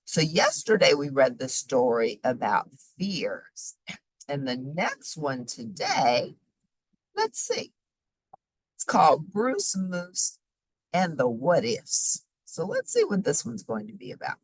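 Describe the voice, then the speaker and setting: A woman reading a children's picture book aloud in an animated, sing-song way. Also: low voice, takes it slowly, slightly rough, dry recording, low-quality recording. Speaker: storybook reader. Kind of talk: children's story read aloud.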